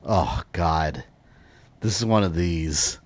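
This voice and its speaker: A man's voice: sits low, slow. An American man from Florida, chatting and rambling through live gameplay commentary as a streamer, often drifting off into side stories. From Florida, USA. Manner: chatty, rambling, wanders off on tangents.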